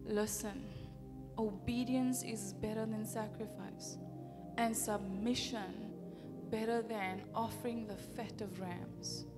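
A woman's voice: mid-range voice, steady tone, takes it slowly. A woman pastor with a South African accent, preaching a fervent sermon full of rhetorical questions in a church hall. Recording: reverberant hall with faint music.

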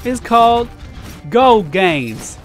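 A man voicing an overeager male infomercial pitchman with a put-on accent and a salesy delivery. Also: sing-song, extremely slow, faint music behind, exaggerated voice.

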